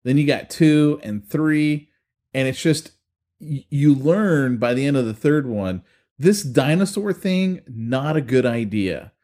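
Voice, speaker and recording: A man's voice: mid-range voice, lively intonation, slow, darkish tone. A man co-hosting a podcast in casual chat, bantering and rambling on as he makes his points. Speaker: podcast co-host.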